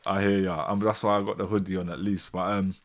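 A man's voice: low-pitched, flat delivery, quick pace. Casual man hosting a live stream. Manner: chatty, frustrated with tech glitches. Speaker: host.

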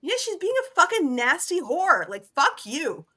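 A woman's voice: high-pitched, very animated, a little slow, sharp tone. A woman gossiping angrily and profanely in casual stream chat.

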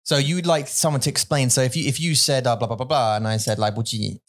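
A man's voice: medium pitch, steady tone, fast talker. A man co-hosting a language podcast, chatting casually as a learner, often hesitating and repeating words while he works through a question. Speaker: podcast co-host and Mandarin learner. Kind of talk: casual chat.

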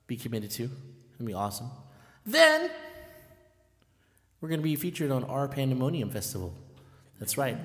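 A man hosting a live music stream, chatting casually and telling stories in an animated, excitable way, full of "I'm like" and the odd curse. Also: mid-range voice. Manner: animated, excitable storyteller who keeps saying "I'm like" and curses at times. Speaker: live music show host and band member. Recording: echoey room with long reverb.

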